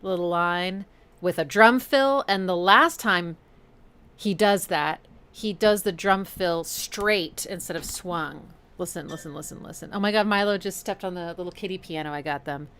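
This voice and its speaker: A woman's voice: fairly low pitch, moderate pace, a bit bright, clean tone. A woman hosting a music livestream, analyzing songs in an enthusiastic, chatty way and scatting rhythms aloud. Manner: chatty with frequent fillers. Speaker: music reaction streamer.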